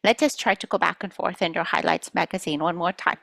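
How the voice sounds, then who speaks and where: A woman's voice: lowish voice, a little fast, creaky, fairly bright tone, no echo. A woman channeling spirit guides for a group, speaking as "we" in a playful storytelling manner.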